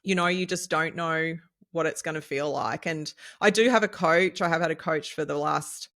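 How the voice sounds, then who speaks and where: A woman, co-hosting a casual podcast chat and rambling excitably, with lots of fillers and laughs. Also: low voice, moderate pace. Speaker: podcast co-host, nutritionist.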